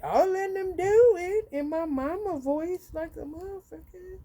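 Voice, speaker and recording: A woman hosting an unscripted live stream as a tarot reader. She talks bluntly and with a lot of swearing, calls listeners honey, and swings between loud outbursts and low muttering. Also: a little slow, a little hiss or hum.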